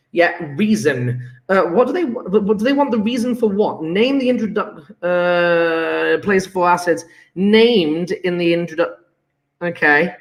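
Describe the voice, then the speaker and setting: A chatty man teaching chemistry, his voice sitting a little high for a man. He thinks aloud and gets enthusiastic as he works through homework answers. The sound bounces around an echoey room. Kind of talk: recorded homework review lesson. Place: classroom.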